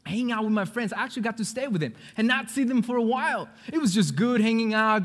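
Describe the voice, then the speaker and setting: A male preacher from California delivering a sermon as an animated storyteller who acts out the voices of the people in his story. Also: high-pitched, long reverb tail.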